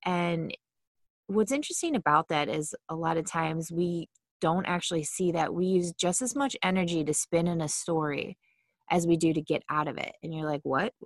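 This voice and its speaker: A woman giving a casual mindfulness talk, chatty and quick to act out inner thoughts in little voices. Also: on the low side, no echo, clean studio sound. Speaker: mindfulness speaker.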